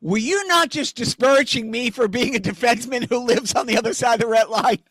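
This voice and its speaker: A man's voice: very high-pitched, a little fast, a bit bright, dry recording. A man co-hosting a podcast in casual chat, joking and teasing his co-host.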